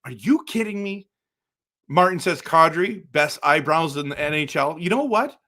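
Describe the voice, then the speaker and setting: A man hosting a casual live stream for viewers, excitable and exasperated, breaking into loud outbursts. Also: on the high side, moderate pace. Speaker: livestream host.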